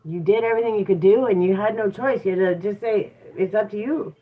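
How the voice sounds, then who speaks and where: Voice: mid-range voice, fast talker. A tarot reader chats frankly and conversationally during a live stream, tossing in "right?" to keep listeners with them. The sound is thin and tinny, like a phone line. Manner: candid, conversational, often asks "right?". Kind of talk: casual live-stream talk.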